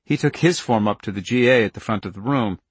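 A man reading a novel aloud in steady scripted narration, in a dry studio recording. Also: mid-range voice, quick pace, breathy edge, no room sound. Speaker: audiobook narrator.

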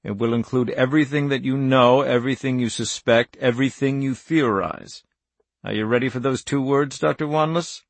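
A man voicing a calm, menacing male assassin who speaks softly and gravely. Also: medium pitch, no echo, close to an everyday voice. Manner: soft, grave, unhurried.

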